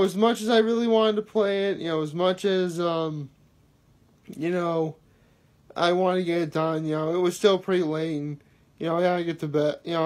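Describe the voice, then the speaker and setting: A man with a noticeably high voice rambles through his daily vlog, circling back with fillers and restarts. He sounds earnest and a little self-deprecating, talking straight to his viewers. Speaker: daily vlogger. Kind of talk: casual daily video talk.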